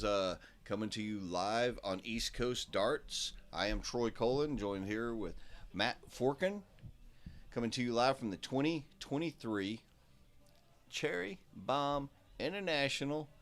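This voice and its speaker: A man commentating live on a darts match, chatty and relaxed, with many fillers and asides. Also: mid-range voice, normal speed.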